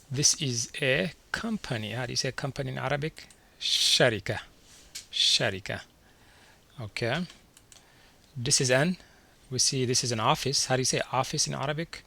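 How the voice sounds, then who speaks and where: A man teaching a beginner vocabulary lesson from slides, saying each word twice and slowly before asking what it means. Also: mid-range voice, gravelly, sharp tone. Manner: repeats each word slowly, then quizzes the listener. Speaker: language teacher.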